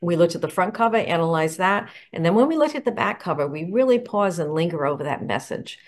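Middle-aged woman educator, enthusiastic instructional delivery, slightly low pitch. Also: expressive, fast talker. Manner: enthusiastic, explanatory, poses questions. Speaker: educator presenting picture books. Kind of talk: instructional talk to teachers.

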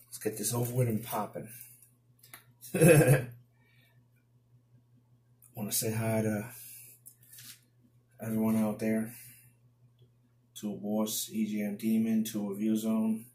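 A man's voice: lowish voice, flat delivery, slow pace, pauses often, dark tone, slight background noise. Chatty New York man in echoey bathroom. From the Bronx, New York. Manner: chatty, mutters to himself while working, mild exasperated exclamations. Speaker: DIY YouTuber. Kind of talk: casual DIY video commentary. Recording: echoey room.

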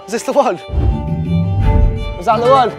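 A man's voice: extremely high pitch, moderate pace, over music. A young man, hosting a comic vlog in a playful, self-mocking showman manner. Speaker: vlogger.

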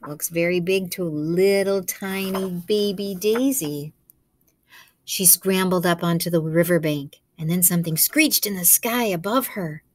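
A woman, a kindergarten teacher, reading a picture book aloud to children in a gentle, coaxing way, asking them questions and dropping to soft whispers. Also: on the low side, unhurried, dry recording.

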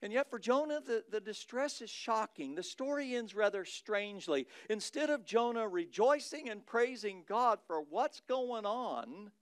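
A male pastor with a Midwestern American accent preaching a sermon, reading scripture dramatically and swinging from loud to hushed. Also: high voice, lively intonation, a little slow, hardly any pauses, clear, resonant tone, no room sound.

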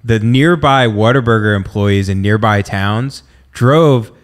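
A man's voice: fairly low pitch, unhurried. A man hosting a podcast, chatting casually with guests in a laid-back, rambling way. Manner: laid-back, riffing with frequent fillers. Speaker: podcast host. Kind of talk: casual chat.

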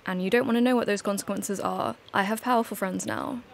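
A woman's voice: mid-range voice, steady tone, fairly quick, gravelly, slight background noise, close to an everyday voice. A woman voicing a domineering medieval husband and father, speaking harshly and threateningly in her own voice. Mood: angry, domineering.

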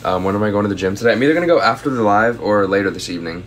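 A man's voice: on the low side, expressive, racing, a little hiss or hum. A young man chatting casually on a phone livestream at home, reading out viewer comments and thanking them for gifts.

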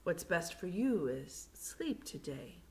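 A woman voicing a tired woman doctor who speaks in a calm, matter-of-fact way, read from a storybook. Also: lowish voice, slow, slight background noise, heavily acted. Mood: gentle.

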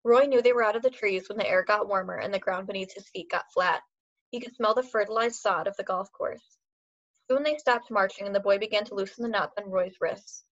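Brief: woman reader, novel read aloud, steady and expressive, lo-fi sound. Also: mid-range voice, brisk. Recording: dull lo-fi recording.

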